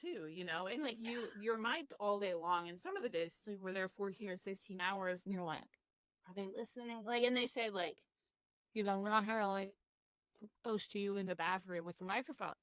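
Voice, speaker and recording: A woman's voice: mid-range voice, brisk, a bit bright, no room sound. A young woman from the American Midwest, a former cooking show contestant, chatting earnestly in an interview and saying "like" a lot. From Midwest of the United States. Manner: chatty, heavy use of "like", earnest. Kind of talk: casual interview chat.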